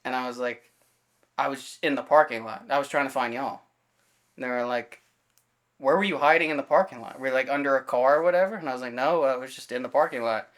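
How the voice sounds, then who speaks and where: Speaking fast, a man co-hosting a podcast spins a casual anecdote and voices every character's quoted lines, with plenty of fillers and self-corrections. His medium-pitched voice has a slightly bright quality.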